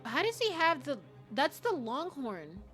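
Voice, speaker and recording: A woman's voice: high voice, very animated, measured pace, fairly bright tone, soft background music. A woman streamer chatting casually over a game, laughing often and swearing freely. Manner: laughing a lot, swearing, reading game lines aloud. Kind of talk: casual gameplay commentary.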